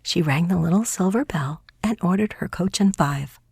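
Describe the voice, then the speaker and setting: Woman narrator, husky, low voice, soft hushed storybook reading, dry close sound. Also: normal speed, no echo. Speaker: audiobook narrator.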